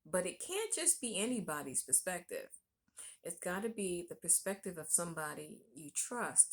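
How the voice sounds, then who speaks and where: A woman vlogger telling a personal story in a relaxed, conversational way. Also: on the low side. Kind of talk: storytelling vlog.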